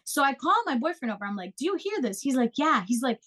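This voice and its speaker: A young woman with a high voice tells a story to her co-hosts in loose casual chat. She is animated and swears freely, jumping into voices for every quote. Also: quick pace.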